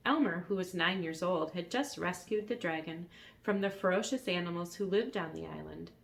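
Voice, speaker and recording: A woman reading a children's storybook aloud in a calm, even narrating voice. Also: on the low side, moderate pace, gravelly. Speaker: reader.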